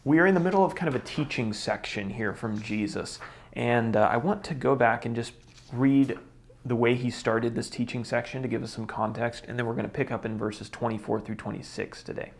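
Young male Bible teacher, relaxed and conversational, slight vocal fry. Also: mid-range voice, brisk. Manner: relaxed, chatty, with small laughs and restarts. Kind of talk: casual Bible study video.

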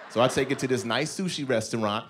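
A man in his thirties doing a stand-up comedy routine on a club stage, telling a story with voiced asides. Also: medium pitch. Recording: club stage mic with audience noise.

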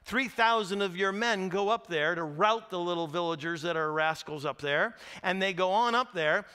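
A man preaching a sermon as pastor, telling the story with animated energy, acting out the screams and cries, then dropping to hushed tones at solemn points. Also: sits high, normal speed, hardly any pauses, clean tone.

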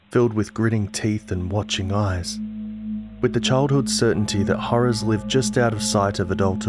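A man giving a scripted narration of a horror story in a measured storytelling manner. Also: on the low side. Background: music.

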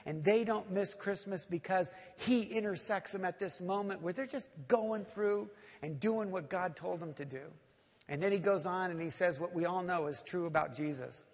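A male pastor preaching a sermon, retelling scripture in plain talk and building to loud, impassioned appeals. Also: sits high, normal speed, in a large hall.

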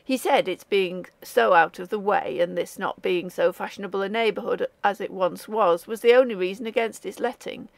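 A woman reading a storybook voicing an excitable young male artist with a ringing voice, talking eagerly and impatiently. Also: medium pitch, moderate pace, vocal fry, few pauses, no echo, natural voice.

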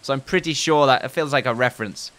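A man chats his way through a farming game, wandering off into jokey tangents and reading item descriptions aloud. His voice sits in a middle pitch with a bright, forward edge. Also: fast. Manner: rambling, jokey asides, reads game text aloud. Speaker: let's play host. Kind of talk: casual gameplay commentary.

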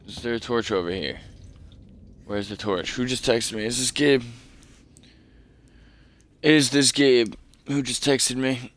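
A man's voice: mid-range voice, fairly even intonation, measured pace, long pauses. A hungover man streaming a horror game live, muttering frustrated questions to himself as he plays. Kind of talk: live gameplay commentary.

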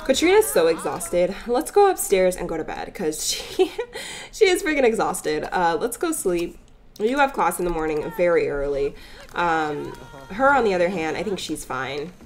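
A woman's voice: on the low side, very animated, normal speed, a little hiss or hum. A woman giving casual, playful commentary over a life-sim game. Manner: chatty, playful, voices the characters' chatter. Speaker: let's play gamer.

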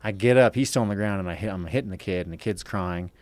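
A Los Angeles man, appearing as a podcast guest, tells stories casually in a low, quick, darkish voice, cursing often and rambling with a habitual "right?". The recording is dry.

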